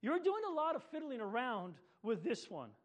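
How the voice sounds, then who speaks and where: A cautious angel questions everything, skeptical and careful, as a man reads it aloud. The voice runs very high for a man, told like a storybook. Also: big pitch swings, normal speed.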